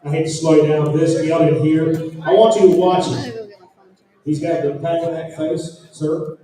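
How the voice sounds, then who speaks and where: A man with a high but mellow voice talks up horses in a folksy sales pitch. He sounds distant from the mic in a very echoey arena. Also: little pitch movement, moderate pace. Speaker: sale announcer. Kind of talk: promotional horse sale announcing. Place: large indoor sale arena.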